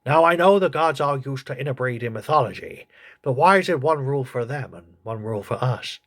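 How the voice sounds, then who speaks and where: A man voicing a crude, gossipy old male politician who reviews a TV show in a comedy sketch, with a husky voice. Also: medium pitch, animated, a little fast, fairly bright tone. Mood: snarky.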